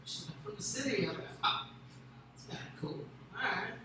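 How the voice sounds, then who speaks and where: A man's voice: high voice, lively intonation, normal speed. A young man telling a long, crude, rambling story as a stand-up comedian. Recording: echoey room with faint noise.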